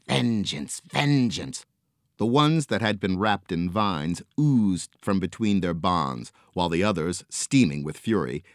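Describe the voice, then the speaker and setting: A man narrating a whimsical children's fantasy story with expressive, varied delivery. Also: sits low, no echo, clean studio sound. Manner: expressive, with lots of swing in delivery.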